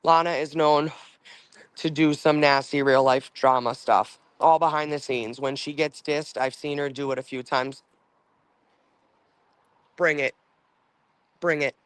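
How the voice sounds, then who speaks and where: A man's voice: mid-range voice, steady tone, moderate pace, clear, resonant tone, no room sound. A man hosting a livestream, ranting in an angry, profane, rambling way with lots of fillers and answering chat comments. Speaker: livestream host. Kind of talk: casual livestream rant.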